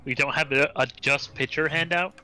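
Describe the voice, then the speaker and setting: A man's voice: a little high, steady tone, normal speed, over music. A man playing a tabletop game, teasing the game master in a wry way. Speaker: player. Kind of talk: casual tabletop game chat.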